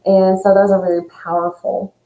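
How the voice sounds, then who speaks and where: A woman who is a nurse and spiritual coach, talking in an earnest, animated way in casual conversation. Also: mid-range voice, moderate pace, roomy sound, low-quality recording. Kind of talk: casual chat.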